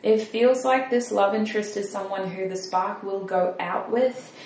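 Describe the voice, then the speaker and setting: A woman's voice: medium pitch, fairly even intonation, normal speed, a little mellow. Woman, tarot reader, chatty, self-deprecating, echoey room, mic at a distance. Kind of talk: casual tarot reading to camera. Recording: roomy echo, mic set back, faint noise.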